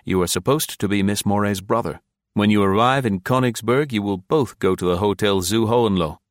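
A man's voice: on the low side, fairly quick, no room sound, clean studio sound, close to an everyday voice. A man voicing a curt, commanding male rescuer in disguise, giving orders. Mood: instructing.

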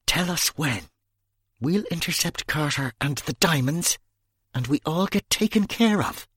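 Stern female detective, as a male narrator puts her on: breathy, clipped and controlled. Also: on the high side, animated, unhurried, a bit bright, no room sound, clean studio sound, pitched above the performer's own voice, exaggerated voice.

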